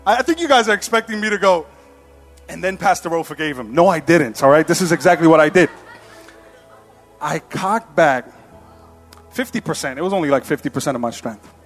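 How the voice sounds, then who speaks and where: A male pastor with a fairly high voice preaching in a church. He tells lively stories and laughs at himself along the way. Soft music plays underneath. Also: brisk, pauses often. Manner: animated storytelling, laughing at himself. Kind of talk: sermon.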